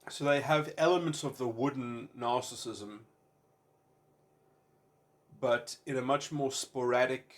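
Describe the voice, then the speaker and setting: A man's voice: medium pitch, unhurried, pauses often. A man giving an unscripted philosophical monologue, stopping often to search for words, with many fillers and repeated starts and abstract, wordy phrasing. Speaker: commentator.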